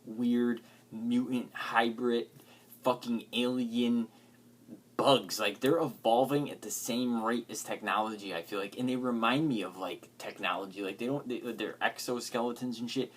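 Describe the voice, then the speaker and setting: A man's voice: medium pitch, steady tone, normal speed. A man vlogging, ranting agitatedly with heavy swearing and lots of filler words. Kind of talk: profane ranting vlog.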